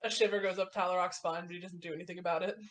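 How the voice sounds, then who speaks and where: A woman's voice: on the low side, level tone, very fast. A woman playing a tabletop role-playing game, describing her character's actions in an easygoing way. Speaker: player. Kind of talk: casual tabletop game play.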